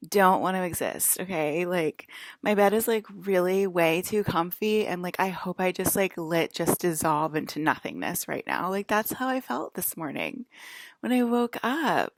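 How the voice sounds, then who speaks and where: Woman vlogger, sarcastic rambling monologue, gravelly fry, dry close sound. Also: fairly low pitch, animated, normal speed, no room sound. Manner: sarcastic, heavy use of "like". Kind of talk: rambling solo vlog monologue.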